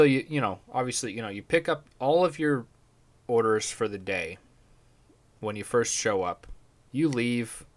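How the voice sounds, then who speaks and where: A man hosting a podcast, talking casually in a rambling, profane, laid-back way. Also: medium pitch. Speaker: podcast host. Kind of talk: casual chat.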